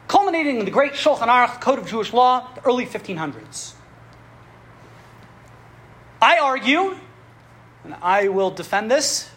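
A woman teaching a class on Jewish history, telling stories in an animated way with frequent chuckles and restarts. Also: on the high side. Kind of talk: classroom lecture with storytelling. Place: classroom with students.

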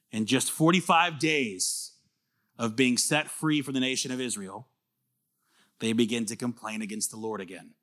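A pastor preaching a sermon in a lively, conversational way, often asking the listeners questions. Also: male voice, mid-range voice. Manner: casual fillers and restarts.

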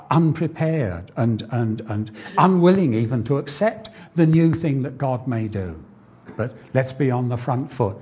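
Slow, earnest male preacher. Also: mid-range voice, darkish tone, breathy edge, lo-fi sound. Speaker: pastor. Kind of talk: sermon.

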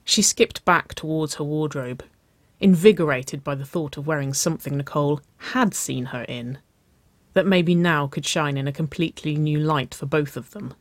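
A soft-spoken audiobook narrator who tells the story at an even pace, in a mid-range voice. The recording is dry and close. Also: mid-range voice, normal speed, no room sound. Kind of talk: audiobook reading of fan fiction.

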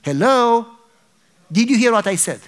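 A man's voice: sits high, animated, normal speed, a bit bright. A male pastor preaching a sermon, telling a story animatedly and acting out its dialogue.

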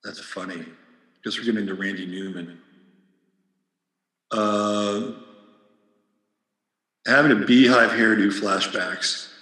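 A man's voice: mid-range voice, fairly bright tone. A man hosting a podcast, talking in a casual monologue that rambles through digressions with plenty of profanity. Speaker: podcast host. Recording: roomy with long reverb.

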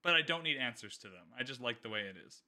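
A man's voice: medium pitch, lively intonation, fast, sharp tone. A young man co-hosting a casual book podcast, rambling with lots of fillers and restarts. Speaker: podcast co-host.

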